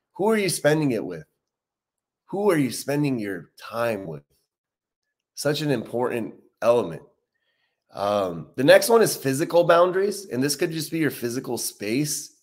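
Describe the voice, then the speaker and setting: Man, mid-pitched voice, casual livestream host, conversational, repeats points for emphasis. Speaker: recovery talk host.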